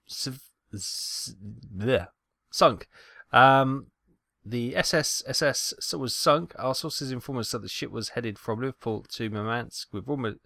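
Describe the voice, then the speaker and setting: A man with a lowish voice talks through his gameplay in a chatty, wry way, tripping over tricky names as he reads them out. The sound is close and dry, with no room around it. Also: fairly bright tone, dry recording. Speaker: gaming channel host. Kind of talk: casual gameplay commentary.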